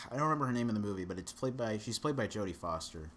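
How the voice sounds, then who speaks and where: Bright-voiced rambling young man. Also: on the low side, expressive, fast, a little hiss or hum. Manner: rambling, sarcastic, lots of fillers. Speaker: podcast co-host reviewing a movie. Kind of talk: casual podcast chat.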